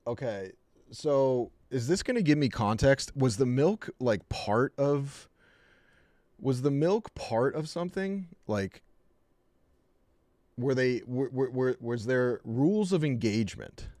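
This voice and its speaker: A man chatting casually on a live stream, telling rambling, jokey stories and dropping into quick put-on voices. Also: mid-range voice, lively intonation, darkish tone, dry recording, studio quality.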